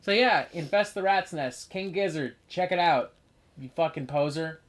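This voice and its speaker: A man's voice: fairly high pitch, moderate pace. A man co-hosting a casual chat about albums, enthusiastic and swearing freely. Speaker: co-host reviewing albums.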